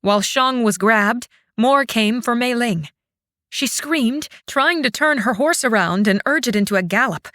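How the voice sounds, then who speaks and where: A woman narrating a fantasy audiobook in a dramatic, expressive way. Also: on the high side, unhurried, no room sound, clean studio sound.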